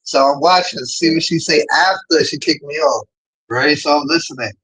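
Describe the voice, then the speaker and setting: Husky New man ranting on a stream. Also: on the high side, moderate pace, dry recording, poor audio. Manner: animated, rambling, swears often. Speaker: live streamer. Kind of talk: casual chat to a live stream audience.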